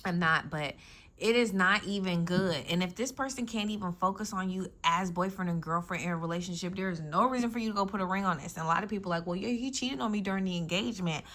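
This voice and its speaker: A woman's voice: fairly low pitch, fast, fairly bright tone. A woman giving a casual tarot reading, talking bluntly in slang with plenty of profanity and frequent check-ins with her listeners. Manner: blunt, slangy and profane, with frequent "you know what I'm saying". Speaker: tarot reader.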